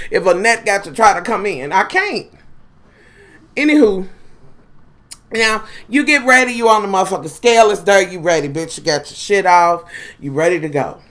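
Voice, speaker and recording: Profane, animated woman vlogger. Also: medium pitch. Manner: profane, dramatic, animated storytelling. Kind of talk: casual chat to viewers.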